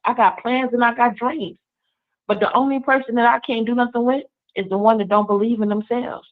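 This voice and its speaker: A woman's voice: on the high side, steady tone, brisk, phone-quality sound. Emphatic confident woman on radio. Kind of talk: casual radio talk.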